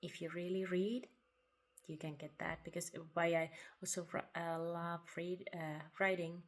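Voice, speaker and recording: A woman giving a reflective spoken monologue about spiritual ideas. She talks softly and without hurry, pausing often, sometimes dropping to a breathy half-whisper. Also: lowish voice, little pitch movement. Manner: soft and unhurried, with long pauses, occasional breathy half-whispers and quiet laughs. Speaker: writer sharing spiritual reflections.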